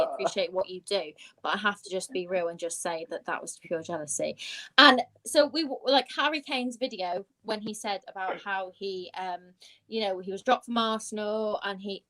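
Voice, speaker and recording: A woman's voice: medium pitch, normal speed, a bit bright, poor audio. A woman chatting effusively as a podcast guest on a video call, laughing often. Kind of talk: casual chat over a video call.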